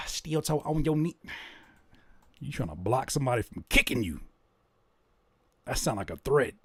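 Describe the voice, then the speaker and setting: A man's voice: medium pitch, unhurried, husky, dry recording. Guy reacting to beats live, voice jumping all over, dry close sound. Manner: animated, joking, laughs at chat. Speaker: livestream host giving music feedback. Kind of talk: casual livestream reaction.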